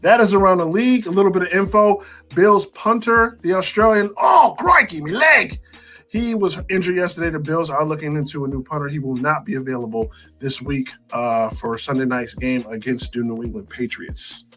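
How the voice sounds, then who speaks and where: A man co-hosting a casual sports talk show, running through scores with animated, wry asides. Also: on the high side, fairly quick, few pauses, soft background music.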